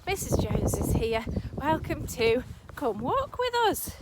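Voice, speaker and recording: A woman's voice: sits high, very animated, slow pace, very noisy. A woman in midlife hosting a chatty walking vlog outdoors, playful and talking to her viewers and to animals along the way. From England. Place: outdoors on country lanes.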